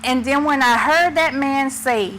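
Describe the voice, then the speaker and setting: A middle-aged woman on a talk show speaks slowly and with emphasis. Her voice is bright and sits a little high. Faint noise hums behind her. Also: poor audio. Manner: slow, emphatic and tearful. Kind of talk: impassioned discussion.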